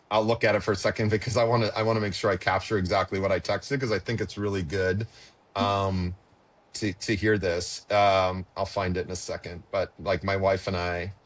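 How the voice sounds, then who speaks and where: A middle-aged man telling a personal story as a podcast guest, halting and emotional with frequent restarts. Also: lowish voice. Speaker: podcast guest, former pitcher and father.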